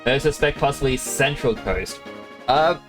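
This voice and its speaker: A man's voice: mid-range voice, expressive, measured pace, low-quality recording. A young man with a mixed Australian accent chatting casually on a game live stream, rambling and laughing often. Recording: game music playing underneath. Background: game music.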